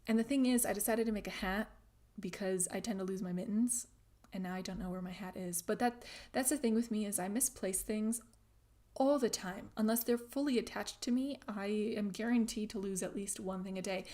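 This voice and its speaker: Young woman chatting on a craft livestream, laughs a lot, soft little asides, middle pitch. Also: a little fast. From grew up speaking German at home in the US. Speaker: crafting channel host. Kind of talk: casual livestream chat reading comments.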